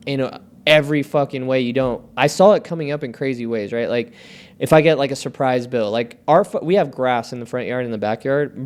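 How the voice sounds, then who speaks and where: Casual podcast co-host, a man with a smooth, resonant voice who swears freely and rambles through stories. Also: medium pitch, darkish tone. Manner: candid, profane, rambling storytelling. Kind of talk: casual chat.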